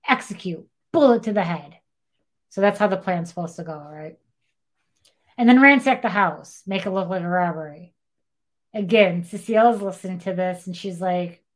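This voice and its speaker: A woman's voice: fairly low pitch, moderate pace. A young woman co-hosting a podcast, casually retelling a true-crime story and acting out what people said, with a lot of "like". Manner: animated retelling, acts out quotes, frequent "like". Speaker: podcast co-host.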